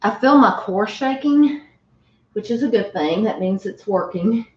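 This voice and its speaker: A woman's voice: mid-range voice, animated, measured pace. A woman leading a home workout class, chatty and encouraging, out of breath. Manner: encouraging, chatty, laughs often. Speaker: fitness instructor. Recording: roomy, distant, dull home recording.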